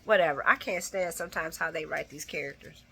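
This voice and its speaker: A woman hosting a casual soap opera recap, animated and blunt, laughing often and acting out the characters' lines. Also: sits low, fairly quick, creaky, husky. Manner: blunt and profane. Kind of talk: casual spoken episode recap.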